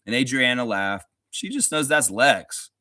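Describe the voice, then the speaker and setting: A man rants on a live stream, outspoken and profane, in a bright, forceful voice. He tells his stories with animated bursts, and the sound is dry and close. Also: medium pitch, measured pace, no room sound. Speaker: sports channel host. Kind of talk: casual live-stream rant.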